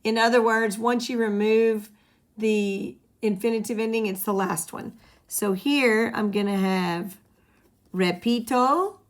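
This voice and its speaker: Speaking in an unhurried voice on the high side, a woman teaches Spanish grammar to her class at the whiteboard. She explains patiently and asks the students to repeat the rules back to her.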